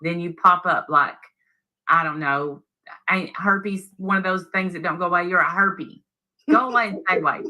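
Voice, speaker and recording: A woman's voice: lowish voice, normal speed, sharp tone, rough recording. A woman on a livestream panel, mocking someone with crude jokes in casual chat.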